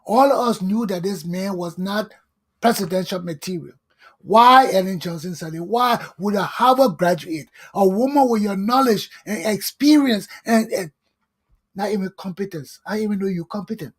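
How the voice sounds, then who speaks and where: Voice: medium pitch, moderate pace, breathy edge. A talk show host, delivering a fiery, scolding political monologue full of repetition. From Liberia.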